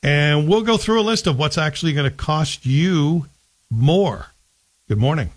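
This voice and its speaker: A man's voice: a little high, lively intonation, unhurried, slight background noise. A man hosting a morning talk radio show, chatting wryly and mocking himself. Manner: wry, self-mocking, chatty. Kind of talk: casual talk radio commentary.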